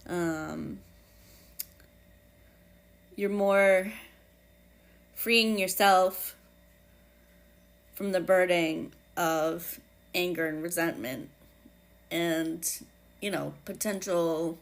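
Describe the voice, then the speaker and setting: A woman with a New England accent hosting her own podcast, reflecting in a casual, halting way with many fillers and restarts. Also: lowish voice. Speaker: podcast host.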